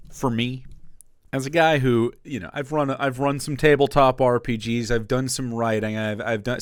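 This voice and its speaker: A man's voice: lowish voice, clean tone, dry recording. A man streaming a casual reaction commentary, profane and mocking, close to the mic.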